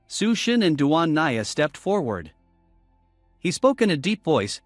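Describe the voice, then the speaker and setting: A man narrating a manhwa recap in a brisk, even storytelling manner. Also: a little high, dry recording, studio quality, faint music behind. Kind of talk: scripted narration.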